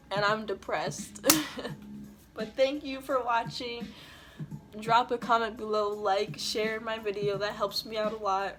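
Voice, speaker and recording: A young woman telling a casual storytime vlog, slangy and full of swearing and "like" fillers. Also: mid-range voice. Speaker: vlogger.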